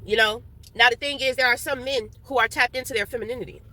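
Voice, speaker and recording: Candid, profane woman with a bright voice. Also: a little high, fairly even intonation, fast. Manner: candid, profane, laughs often; talking while eating and drinking. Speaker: vlogger. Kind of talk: casual monologue.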